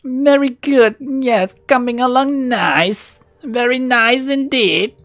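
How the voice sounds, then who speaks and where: A woman's voice: lowish voice, animated, extremely slow, smooth, no echo, full character voice. A woman voicing a polite, cultured male rigger in a video game, putting on a mock Russian accent while reading his dialogue aloud. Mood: courteous.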